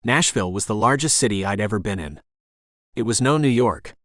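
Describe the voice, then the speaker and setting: A man with a lowish voice reads a romance novel in the first person. His storytelling is steady and intense. The recording is close and dry. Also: brisk, dry recording. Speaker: audiobook narrator. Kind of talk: first-person scripted narration.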